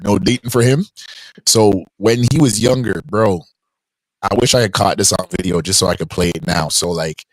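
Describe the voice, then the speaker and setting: A man's voice: moderate pace, low-quality recording. A young adult man hosting a live stream, telling a story in casual slang and quoting people in a raised voice. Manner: animated, slangy, voices quotes in a high pitch. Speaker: podcast host.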